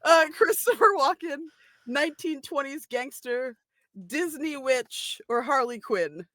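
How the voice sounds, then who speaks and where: A woman's voice: high voice, animated, unhurried, a bit bright, no echo. A woman hosting a game stream, gushing and emotional as she hands off to each player. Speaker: host. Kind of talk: casual stream chat.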